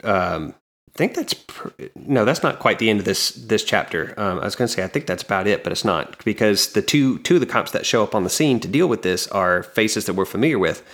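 A low-pitched American man recaps a comic on a casual podcast. He talks in a relaxed way, with plenty of ums and the odd dry joke. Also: a little fast. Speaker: podcast co-host. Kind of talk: casual chat about comics.

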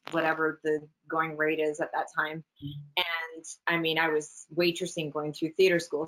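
Chatty, animated woman storyteller. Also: on the low side, rough recording. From Canada. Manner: animated, chatty, quick asides. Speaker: actress, guest. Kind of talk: casual interview storytelling.

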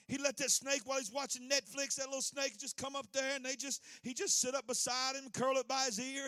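High, bright-voiced preacher man. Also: dry recording, clean studio sound. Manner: folksy, swings between hushed and loud; repeats "huh?" to the congregation. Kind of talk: sermon storytelling.

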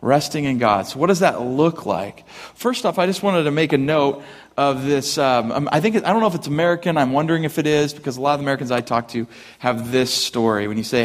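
Casual pastor in a reverberant hall. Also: male voice, medium pitch, fast. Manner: conversational, animated, jokey asides to the congregation. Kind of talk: casual sermon. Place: church hall with live congregation.

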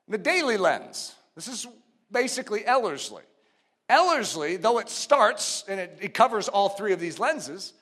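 A male preacher with a high, ringing voice that swoops up and down as he delivers his sermon. He works through his points with rhetorical questions, then drives them home with forceful, near-shouted exhortations. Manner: teaching step by step, posing rhetorical questions.

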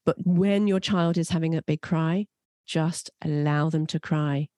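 A woman's voice: deep voice, unhurried, no room sound. Earnest woman giving parenting advice. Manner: earnest and reassuring, grows animated when describing emotions. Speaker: parenting coach; mother.

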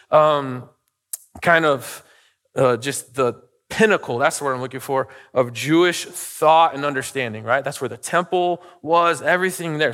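Man, middle-aged pastor, casual storytelling sermon, slightly high voice, long church-hall reverb. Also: fairly bright tone. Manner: conversational, storytelling, frequent "okay?" and "right?" asides. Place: church sanctuary.

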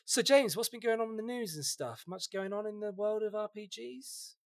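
A man's voice: sits high, normal speed, no echo, clean studio sound. A young man hosting a casual podcast, chatty and friendly, often repeating words as he goes. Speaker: podcast host.

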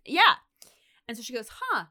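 A woman's voice: mid-range voice, lively intonation, normal speed, pushed and bright. A woman co-hosting a podcast, casually retelling a story and acting out the quotes with lots of "like". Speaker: podcast co-host.

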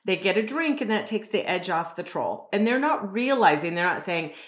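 A woman's voice: mid-range voice, lively intonation, moderate pace. A woman guest speaking as an expert on a podcast, explaining earnestly and often checking in with "right?" and "you know". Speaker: guest expert on self-esteem. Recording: roomy echo.

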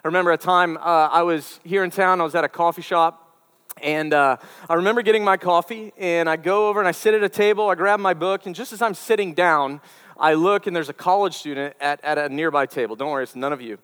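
A man's voice: fairly high pitch, fast, a bit bright, smooth, long reverb tail. A man preaching a conversational sermon to college students, telling stories with chatty asides and repeated words. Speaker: campus ministry preacher.

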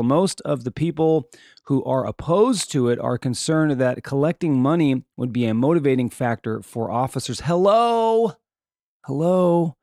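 A man's voice: mid-range voice, dark tone, no echo, clean studio sound. A man hosting a podcast, reading odd news stories and adding joking, off-the-cuff asides. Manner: reads odd news items then riffs jokingly. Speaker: podcast host. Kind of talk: casual news commentary.

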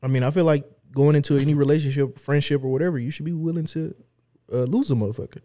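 A man's voice: a little high, steady tone, fast talker, warm tone. A man co-hosting a casual podcast, laid-back and teasing in his banter. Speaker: podcast co-host.

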